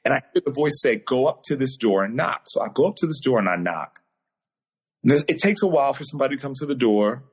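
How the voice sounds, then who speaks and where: Husky man telling a heartfelt story. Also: medium pitch, very animated, fast talker. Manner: earnest, emotional, builds intensity when reliving a story. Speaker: guest. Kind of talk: personal storytelling in a podcast interview. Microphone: video call.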